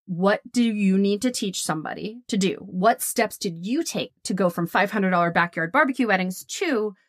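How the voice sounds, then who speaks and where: A chatty, upbeat woman in her thirties talks straight to the listener and coaches photographers in a casual monologue. Her voice sits at a middle pitch, and the recording is dry, with no room sound. She acts out quoted conversations with lively jumps in pitch. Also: normal speed, no room sound. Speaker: podcast host and photography coach.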